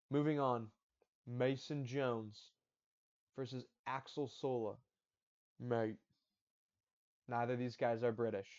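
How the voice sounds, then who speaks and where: A man talks through fight picks in a loose, rambling way, breaking off mid-thought and circling back to repeat himself. His voice sits at an ordinary middle pitch. The audio is dull and lo-fi, lacking crispness. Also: fairly even intonation, slow, pauses often, darkish tone. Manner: rambling, self-interrupting, slangy. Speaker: MMA fight predictions host. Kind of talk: casual solo commentary.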